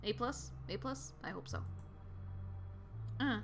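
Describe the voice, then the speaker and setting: A woman streaming a story game, reading the text aloud and joking about her choices in an animated way. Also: a little high, slow, a little hiss or hum. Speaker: let's play streamer. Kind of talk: game let's play with narration.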